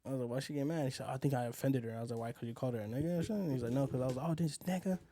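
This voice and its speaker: Guy on a podcast rattling off stories super fast, does the voices of people he quotes. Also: medium pitch, dark tone. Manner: rambling storyteller, acts out quotes. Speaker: podcast co-host. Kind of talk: casual chat.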